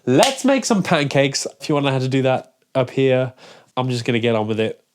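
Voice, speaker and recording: A man's voice: medium pitch, sing-song, a little fast. Exasperated man ranting on a vlog. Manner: exasperated, mock-outraged ranting. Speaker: fitness vlogger. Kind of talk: casual vlog talk to camera.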